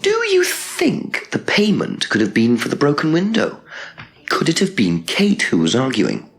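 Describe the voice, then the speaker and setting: Probing game investigator. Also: male voice, mid-range voice, huge pitch swings, unhurried, vocal fry, a bit bright, exaggerated voice. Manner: probing questions.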